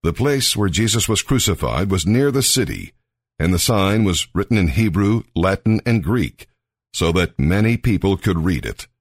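A man giving a steady, expressive Bible reading as the regular reader, close to the mic. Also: deep voice, normal speed, breathy edge, no echo. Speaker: scripture reader.

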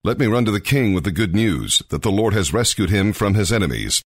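A man's voice: on the low side, lively intonation, a little fast, dry recording, studio quality. A man voicing an eager young male messenger who pleads to be allowed to go. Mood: pleading.

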